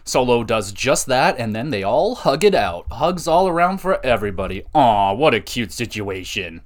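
A man hosting a podcast, recapping a wrestling show in a casual, sarcastic way, swearing often and getting excitable. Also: mid-range voice, moderate pace. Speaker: podcast host.

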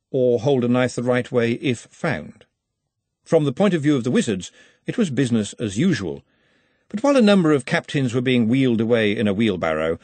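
A man narrating a comic novel as an audiobook, reading in a lively, expressive way. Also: mid-range voice, breathy edge, no room sound. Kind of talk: scripted narration.

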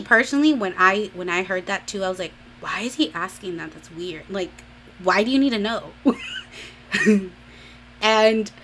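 Retelling a drama episode in a chatty, gossipy way, this young recap vlogger from a Mexican-American household leans on fillers and acts out the quotes. Her voice is fairly low and a bit bright, with slight background noise.

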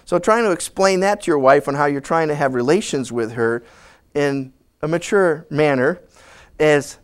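A male pastor teaching in a conversational sermon, animated and storytelling. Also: a little high, moderate pace, clean tone.

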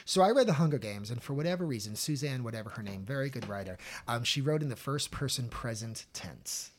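A man chatting as a guest author on a podcast, playful and animated, often slipping into silly voices. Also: mid-range voice, a little fast, a little hiss or hum. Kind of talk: casual podcast chat.

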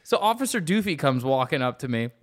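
A young man co-hosting a podcast, telling stories in a lively, profane way and acting out the voices of the people in them. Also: mid-range voice, brisk, crowd noise. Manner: animated storyteller, profane, acts out voices in anecdotes. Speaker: podcast co-host. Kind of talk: casual chat.

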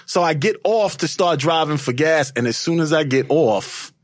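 A man telling a long story to friends in casual chat, animated and often laughing, acting out what he said back then. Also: fairly high pitch, moderate pace, no room sound. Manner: animated, laughing, acts out his own past lines.

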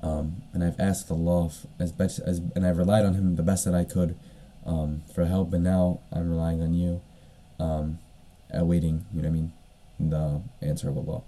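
A man's voice: sits low, little pitch movement, moderate pace, hardly any pauses, dark tone. A man voicing an angel disguised as a tired male traveler, pleading in a rambling way. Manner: rambling and pleading, full of fillers.

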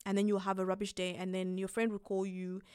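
A woman hosting a casual advice monologue, animated and quick to laugh as she acts out little scenes. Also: mid-range voice, clean tone, dry recording, clean studio sound. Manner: animated, acts out quoted reactions, laughs often. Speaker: podcast host.

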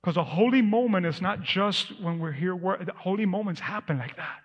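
A man preaching a sermon with a high voice, telling his story in a loose, conversational way. His voice carries a long reverb through a large church hall. The sound is muffled and dull. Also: normal speed, breathy edge. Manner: conversational, storytelling with asides and laughs. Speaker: pastor. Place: church sanctuary.

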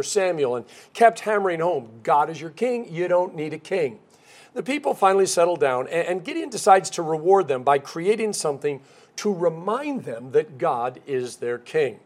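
A man's voice: a little high, lively intonation, moderate pace. A man preaching a sermon, telling stories and acting out quoted characters along the way. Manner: storytelling, acts out quoted characters. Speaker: pastor.

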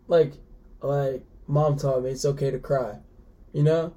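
A man's voice: mid-range voice, fairly even intonation, dark tone. A young man, a podcast guest, talking casually with many fillers and restarts. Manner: halting, many fillers and restarts, laughs often.

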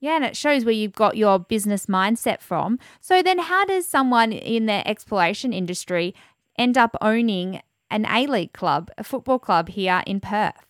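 A woman's voice: mid-range voice, expressive, normal speed, no room sound. Dry-sounding woman interviewer. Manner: direct, prepared questioning. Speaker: radio interviewer. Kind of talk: interview questions.

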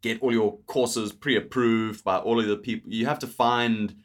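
A man's voice: fairly low pitch, steady tone, moderate pace. A young man with a South African accent, hosting a casual podcast chat, talking loosely and laughing often. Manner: chatty, laughs often, restarts sentences. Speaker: podcast host.

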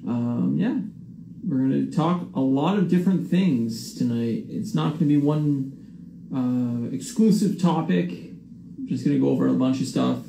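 Gravelly-voiced casual podcast host. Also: male voice, medium pitch, unhurried, dark tone, slight background noise. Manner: sarcastic, sweary, loose.

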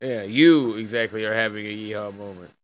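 Speaking fairly quickly in a fairly low, steady voice, this man hosts an online podcast where he reads an article aloud over a call and chats with crude language. He stays loose, with fillers and laughs, and the low-quality recording has no room sound.

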